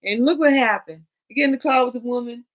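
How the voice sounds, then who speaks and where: A woman telling long personal stories in casual chat, animated and laughing as she acts out what people said. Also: on the high side, quick pace, low-quality recording. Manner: animated, laughing, quotes people in shifting voices. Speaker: tarot reader on a livestream. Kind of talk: casual storytelling.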